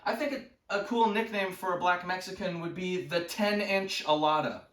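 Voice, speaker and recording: A man doing deliberately crude stand-up bits with brash, deadpan self-praise, recorded indoors. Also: high-pitched. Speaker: amateur comedian. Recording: echoey room, from far off.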